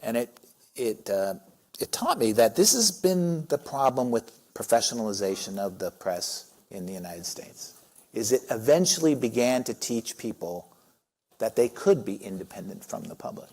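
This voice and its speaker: A man's voice: medium pitch, lively intonation, moderate pace, a little mellow. Man moderating a panel, reflective. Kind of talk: panel discussion.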